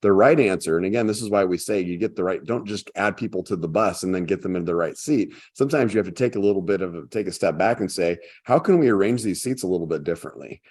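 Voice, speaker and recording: A man with a very low, deep voice talks through workplace ideas in a relaxed podcast chat. He rambles a little, restarting phrases as he thinks aloud. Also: fast talker, few pauses, breathy edge. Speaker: podcast co-host, consultant. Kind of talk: casual business chat.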